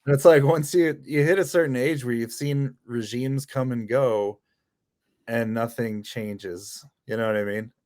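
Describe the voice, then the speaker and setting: A man of forty in casual podcast conversation, relaxed and reflective, often checking in with "you know what I mean". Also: medium pitch, a little slow. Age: 40s.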